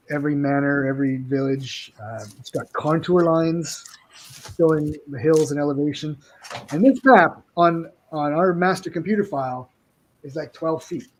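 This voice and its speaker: A man's voice: on the high side, breathy edge. A man, a game publisher guest, talking casually on a video call, friendly and rambling with frequent restarts.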